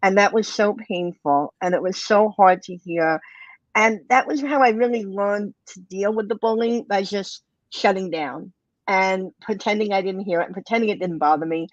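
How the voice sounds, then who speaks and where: A woman's voice: mid-range voice, moderate pace, dry recording, dull audio. A woman speaking candidly and reflectively about her own life as a guest in a conversation. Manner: candid, reflective, with occasional soft laughs. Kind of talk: personal testimony in conversation.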